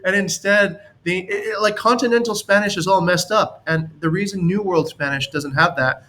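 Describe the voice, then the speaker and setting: A man's voice: sits high, normal speed, sharp tone. A man leading a team session, coaching on leadership in a rambling, anecdotal way and chuckling as he explains.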